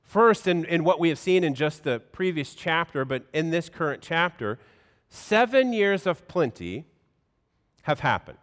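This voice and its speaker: A man's voice: a little high, lively intonation, fairly bright tone. Man reading scripture in reverberant hall. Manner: measured, solemn reading with deliberate pauses. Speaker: pastor. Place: church sanctuary.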